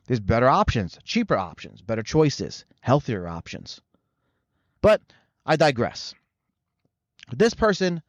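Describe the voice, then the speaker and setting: A man ranting as a comedy host, sarcastic and profane, drifting off on tangents. His voice sits at an ordinary middle pitch. The sound is dry and a little dull. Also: no room sound. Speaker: show host. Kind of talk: comedic commentary rant. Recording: slightly muffled dry recording.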